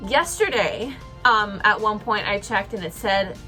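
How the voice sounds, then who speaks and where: Bright-voiced young woman vlogger, rambling. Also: medium pitch, unhurried, faint music behind. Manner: rambling, many fillers, breathless and emotional. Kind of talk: excited personal story to camera.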